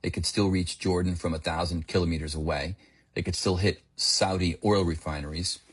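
A man's voice: low voice, steady tone, moderate pace, slightly rough. A male retired army officer giving firm, authoritative military analysis in a news soundbite. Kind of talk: interview soundbite.

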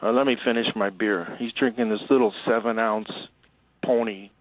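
A man's voice: fairly low pitch, fairly even intonation, normal speed, dry recording. Man telling a story over a tinny line. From Chicago. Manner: rambling anecdote with acted quotes. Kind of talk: casual storytelling.

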